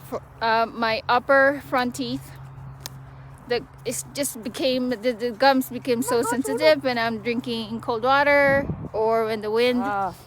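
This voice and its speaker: A woman vlogging casually outdoors in a cold wind, talking in a halting, chatty way and repeating words. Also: fairly high pitch, rough recording. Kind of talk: casual vlog.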